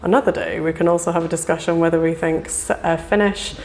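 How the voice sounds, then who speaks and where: A woman's voice: lowish voice, steady tone, fast talker, darkish tone, a little hiss or hum. A woman in a casual interview, explaining at length in a chatty way, with fillers. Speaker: whisky brand representative.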